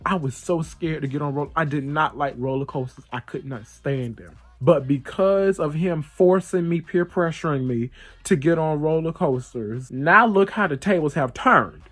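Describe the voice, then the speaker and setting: A man's voice: fairly high pitch, moderate pace, soft background music. A man hosting a podcast, telling a story in a casual, playful way and acting out the voices of the people in it. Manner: animated, playful, acts out the voices in his stories. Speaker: podcast host.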